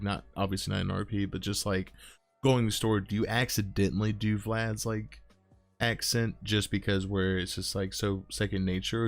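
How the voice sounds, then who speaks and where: A laid-back male host chatting over an online call, his voice sitting on the low side. He talks loosely, stacks up filler words and swears in passing. Faint music plays underneath. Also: vocal fry. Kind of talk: casual interview chat.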